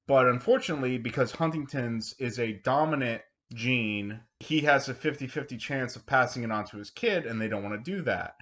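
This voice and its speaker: A man giving a casual, sarcastic book review, animated and swearing freely. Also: medium pitch.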